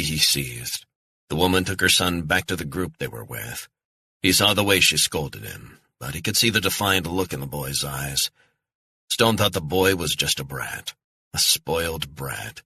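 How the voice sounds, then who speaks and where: A man narrating a thriller audiobook in a grim, measured manner. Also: low-pitched, sharp tone, husky, no echo.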